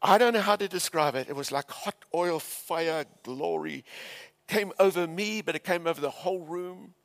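A man from England preaching a storytelling sermon, animated, switching between shouts and hushed tones. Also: on the high side, normal speed, gravelly.

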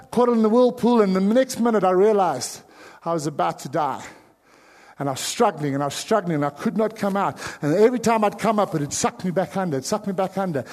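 A South African man preaching a sermon as pastor, dropping to hushed pleading and then rising to sudden loud cries. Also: high voice, in a large hall.

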